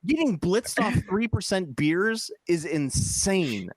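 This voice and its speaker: A man's voice: high voice, sing-song, slow pace, no room sound, clean studio sound. A man in his forties co-hosting a podcast, rambling through casual chat with jokes and frequent laughs. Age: 40s. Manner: rambling, jokey, laughs often. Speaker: podcast co-host.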